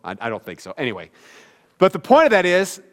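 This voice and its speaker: A man's voice: high-pitched, huge pitch swings, quick pace, big-room sound. A middle-aged male pastor preaching a conversational sermon, with joking asides to the congregation. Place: church sanctuary.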